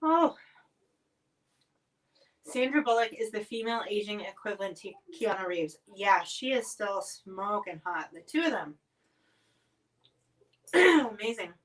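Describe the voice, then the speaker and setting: Chatty woman clearing her throat, a little off-mic. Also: medium pitch, animated, unhurried, long pauses, distant mic. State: coughing from spicy food. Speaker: livestream host reviewing spicy snacks. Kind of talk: casual livestream chat. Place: home.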